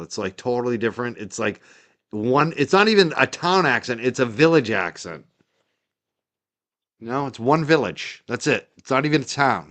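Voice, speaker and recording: A man with a North Shore of Massachusetts accent hosts a casual livestream, chatting in a rambling way with lots of fillers. His voice is medium in pitch with a fairly bright tone.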